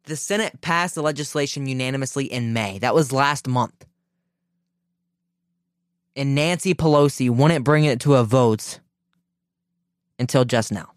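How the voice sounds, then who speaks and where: A man's voice: medium pitch, a little slow, pauses often, clear, resonant tone, no room sound. A man hosting a political radio show, delivering an indignant, emphatic commentary monologue with frequent restarts into a close mic.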